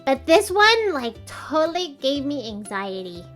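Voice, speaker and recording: Woman co-host, very high and bright voice, animated ranting retellings. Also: unhurried, faint music behind. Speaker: podcast co-host. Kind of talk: casual chat.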